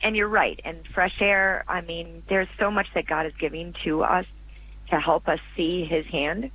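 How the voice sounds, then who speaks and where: High, bright-voiced man, earnest guest. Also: fairly even intonation, unhurried, low-quality recording. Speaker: guest author. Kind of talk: radio interview.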